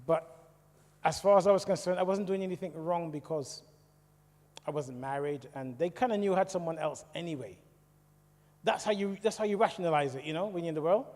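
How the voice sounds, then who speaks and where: Middle-aged british guy preaching his testimony, kinda high voice, long church hall echo. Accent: British English. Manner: lively storytelling, asking the audience questions. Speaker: church speaker. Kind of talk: personal testimony talk. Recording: echoey church hall reverb.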